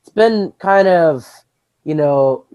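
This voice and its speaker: A radio producer from Texas answering casually as a guest, relaxed and easygoing. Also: mid-range voice, slow, clear, resonant tone, highs cut off. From Texas, USA.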